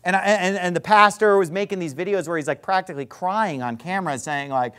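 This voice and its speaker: A man's voice: high voice, fairly quick, clean tone. Combative, sarcastic preacher man. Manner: sarcastic, combative, swings between loud emphasis and muttered asides. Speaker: pastor. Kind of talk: fiery sermon.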